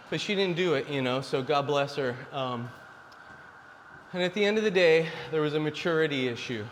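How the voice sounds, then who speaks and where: A man in his forties gives male viewers blunt dating advice in a casual, preachy monologue delivered straight to camera. His voice is fairly high and a little fast. The recording has a big-room sound with a little hiss or hum.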